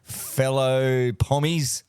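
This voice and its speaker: A man's voice: medium pitch, level tone. A man putting on a put-on English accent as a cheerful bloke hamming up a beer advert. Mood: hammy. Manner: hammy, drawn-out ad read.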